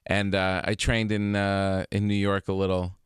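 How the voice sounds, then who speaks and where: A man guest on a radio show, chatting casually and telling animated stories, laughing often, in a studio. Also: sits low, moderate pace, clean tone, dry recording. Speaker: comedian guest. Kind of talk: casual interview chat.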